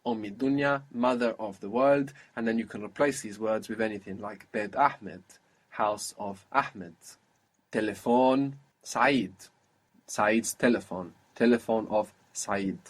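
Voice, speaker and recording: A man's voice: fairly low pitch, measured pace. Patient male language teacher. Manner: patient, repeats and models each phrase. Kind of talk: guided language lesson.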